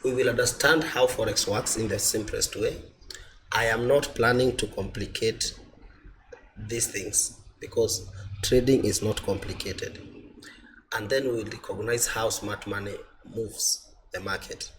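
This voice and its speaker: A man teaching an online trading class, explaining slowly with repetition and fillers, his voice a little off from a cold. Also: fairly low pitch, fairly even intonation, slight background noise. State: voice slightly off from a cold. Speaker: forex trading instructor.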